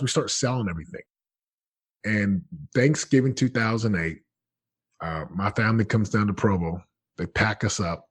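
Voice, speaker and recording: A man in his thirties telling his story as a podcast guest, earnest and animated, often acting out what he said. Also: medium pitch, slightly rough, no echo, clean studio sound. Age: 30s. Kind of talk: candid storytelling.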